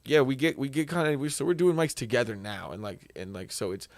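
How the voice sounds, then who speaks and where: A man's voice: mid-range voice, fairly quick, no echo. Young male comedian, casual podcast guest, loose rambling delivery, dry close sound. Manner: rambling, laughing, trails off into mumbles.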